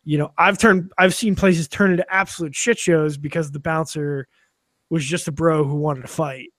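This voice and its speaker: High-voiced man in wry podcast banter. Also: fairly even intonation, normal speed, fairly bright tone, no echo, studio quality. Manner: wry, swearing, chiming in. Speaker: podcast co-host. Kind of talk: casual chat.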